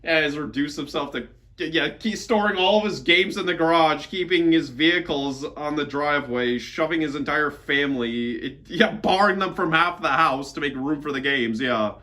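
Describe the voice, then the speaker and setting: Sarcastic man with bright, high voice. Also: moderate pace, few pauses. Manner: mocking, exasperated, swears often; laughs while talking. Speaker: reaction video host. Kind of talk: sarcastic reaction commentary.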